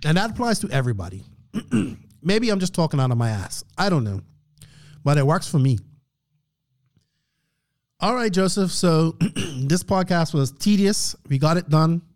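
A man hosting a podcast, delivering a casual, preachy motivational rant and clearing his throat often. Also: on the high side, sing-song, moderate pace, pauses often, a little mellow. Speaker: podcast host.

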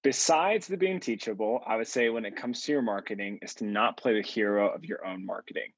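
A man guesting on a podcast tells his stories with animation and acts out the people he quotes. His voice is husky. The audio is dry and dull. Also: fairly low pitch, fairly quick, no echo. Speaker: podcast guest, marketing consultant. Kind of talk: storytelling interview answers.

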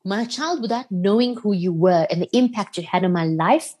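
A South African woman from Durban speaks as a podcast guest, her voice at an ordinary middle pitch. She tells personal stories with heartfelt feeling and lively acted-out quotes. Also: moderate pace. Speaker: radio presenter, podcast guest. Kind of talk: emotional interview storytelling.

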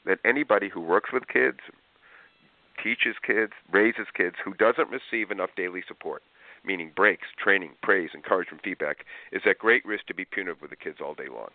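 A man guest on a radio show, speaking as a parenting trainer and telling stories in a lively way. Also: low-pitched, creaky, dry recording. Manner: animated storyteller, acts out quotes. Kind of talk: radio interview talk. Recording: tinny dry phone line.

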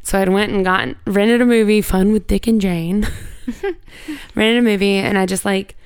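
A woman speaks with a gravelly edge and a smooth, resonant tone. She tells a personal story as an interview guest, casual and candid, full of "like" and a few swear words. The sound is close and dry. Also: mid-range voice, a little slow, no echo. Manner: conversational, heavy use of "like", candid with swearing.

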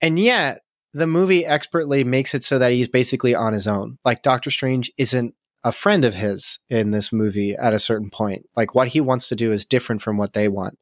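A man co-hosting a podcast, reflecting on a movie in a thoughtful, halting way. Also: medium pitch, no room sound, clean studio sound. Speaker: podcast co-host. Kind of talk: casual movie review chat.

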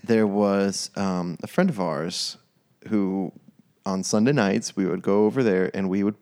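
A man, a podcast guest, telling stories in an animated, casual way with many restarts. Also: sits low, a little slow. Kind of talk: casual chat.

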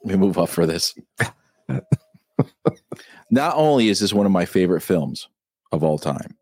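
A man's voice: low voice, sing-song, a little slow, darkish tone, no room sound. A man co-hosting a casual live-stream chat, ranting and swearing freely. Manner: profane, ranting. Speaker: co-host.

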